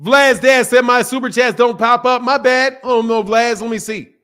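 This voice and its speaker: A man's voice: very high-pitched, moderate pace, bright, forceful tone, clean tone. A man with a Philadelphia accent hosting a casual boxing livestream, reading super chats in a playful way and repeating phrases.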